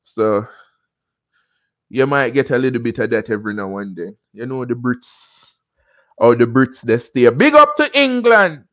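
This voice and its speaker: A man's voice: mid-range voice, fairly even intonation, measured pace, long pauses, dry recording. Man, Jamaican accent, live-stream host, casual viewer chat, rambling encouraging advice, muffled lo-fi audio. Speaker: livestream host.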